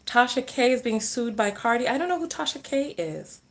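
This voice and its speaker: With a fairly high, somewhat bright voice, big pitch swings, and a slightly fast pace, a woman coaching on self-love and relationships hosts a casual livestream Q&A. She reads viewer comments and answers off the cuff, often stopping mid-sentence and beginning again.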